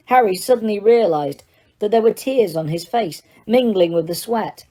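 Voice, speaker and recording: A woman narrating an audiobook in a steady, dramatic storytelling manner. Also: medium pitch, normal speed. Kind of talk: scripted narration.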